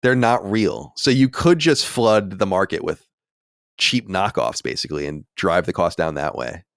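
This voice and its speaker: Male podcast host, low voice, animated and swearing, casual chat. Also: normal speed, no room sound, clean studio sound. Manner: animated, swearing, many restarts.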